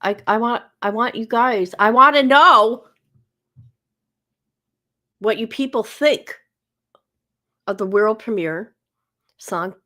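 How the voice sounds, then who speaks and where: A woman's voice: fairly high pitch, takes it slowly, pauses often, bright, forceful tone. A woman hosting a livestream in casual chat, talking straight to her viewers and repeating herself as she goes. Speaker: livestream host.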